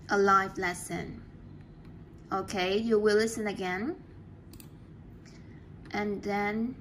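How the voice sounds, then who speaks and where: Slow, patient woman teacher. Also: mid-range voice, slight background noise. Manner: encouraging, praises answers often. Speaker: English teacher. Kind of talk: classroom teaching.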